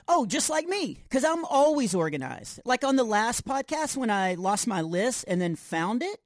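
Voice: medium pitch, big pitch swings, moderate pace, no room sound, natural voice. An adult voicing a goofy, overconfident boy hero as co-host of a scripted kids' podcast, full of boastful, self-mocking jokes. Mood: cheerful. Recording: dry close studio sound.

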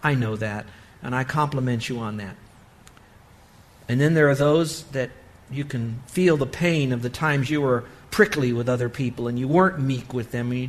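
Male pastor, mid-pitched voice, earnest pleading sermon delivery, swelling to fervent urging. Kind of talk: sermon with altar call. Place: church sanctuary.

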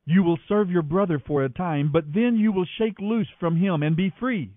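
A man's voice: high voice, moderate pace, dry recording, voice pushed up, close to an everyday voice. A man voicing a grave old father who speaks in solemn, formal pronouncements. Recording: tinny phone-like line, faint music.

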